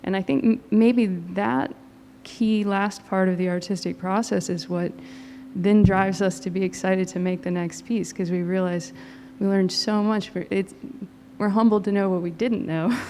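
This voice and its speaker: A woman's voice: medium pitch, steady tone, moderate pace, a little mellow, slight background noise. A woman artist speaking thoughtfully on a gallery panel, musing and trailing off. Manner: thoughtful, trails off, casual fillers. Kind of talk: reflective panel discussion. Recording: hall reverb with faint ambience.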